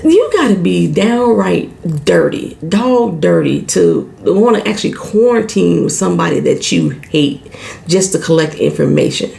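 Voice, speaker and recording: Animated woman with gravelly fry. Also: fairly low pitch, unhurried. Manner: animated and salty, swears freely, acts out lines. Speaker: TV show recap vlogger. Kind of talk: casual show recap.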